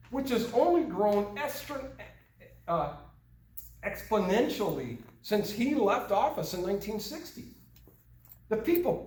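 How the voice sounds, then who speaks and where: A man's voice: high voice, a little mellow, recorded from a distance. An older man giving an earnest talk to a meeting group, posing rhetorical questions. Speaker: meeting speaker. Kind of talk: speech to a small group. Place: meeting room. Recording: echoey room, mic from afar.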